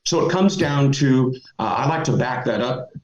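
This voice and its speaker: A man's voice: mid-range voice, lively intonation, moderate pace, over a noisy crowd. A middle-aged man giving motivational advice as a podcast guest, emphatic and folksy. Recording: roomy, dull lo-fi audio.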